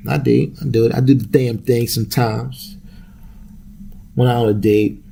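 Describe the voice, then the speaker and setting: A young man rants casually on his podcast in a dark, mellow voice with a gravelly edge. He swears freely and laughs his way through it, all in loose slang. A faint hiss of noise sits under the recording. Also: mid-range voice, steady tone, moderate pace. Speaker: podcast host. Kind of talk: casual profane rant.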